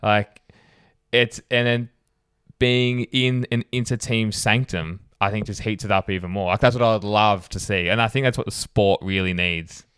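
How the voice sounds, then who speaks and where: A young man chatting casually as a podcast co-host, talking in loose rambling runs padded with fillers. His voice sits low and comes across smooth, with a close, dry sound. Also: fairly even intonation, moderate pace, fairly bright tone, dry recording. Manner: rambling, full of "like" and "you know" fillers. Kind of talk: casual motorsport chat.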